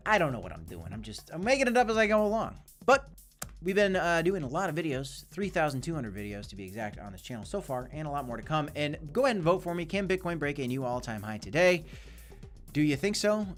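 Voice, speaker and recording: A man hosting a casual livestream with commentary and Q&A, hyped and chatty, often calling out to "guys". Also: a little high. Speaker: crypto channel host.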